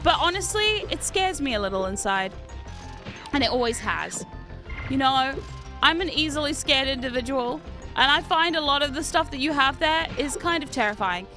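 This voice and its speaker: Kiwi girl streamer rambling casually, high bright voice, faint music in the back. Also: animated, normal speed. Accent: New Zealand. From New Zealand. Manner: chatty, swears freely, laughs often. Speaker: VTuber streamer. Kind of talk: casual gaming stream chat.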